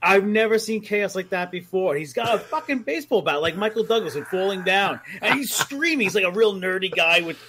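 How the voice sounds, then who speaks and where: High, lively-voiced man, crude animated podcast storyteller. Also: brisk, hardly any pauses, a little hiss or hum. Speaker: podcast co-host. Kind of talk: casual chat.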